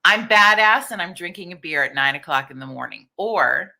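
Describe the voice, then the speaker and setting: A middle-aged woman hosts a casual live stream in a bright, forceful voice that sits a little low. She talks candidly, swears without holding back and greets viewers one by one. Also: expressive, moderate pace, creaky. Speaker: livestream host.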